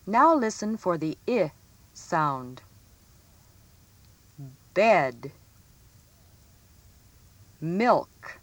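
Woman teacher, deep-set voice, lively rising and falling delivery, reads a children's phonics lesson slowly and clearly. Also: no echo. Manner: slow, clearly enunciated, sing-song emphasis on example words.

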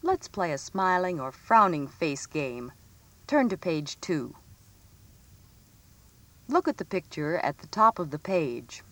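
A woman reading a scripted phonics lesson for children, stressing each example word clearly. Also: lowish voice, big pitch swings, a bit bright. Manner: slow, clearly enunciated, sing-song emphasis on example words. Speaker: teacher.

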